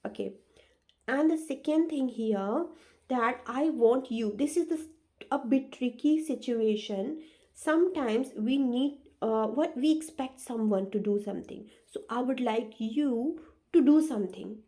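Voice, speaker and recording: A woman's voice: a little high, mellow. Patient woman teaching spoken English. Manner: patient, repeats example phrases. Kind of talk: demo English lesson.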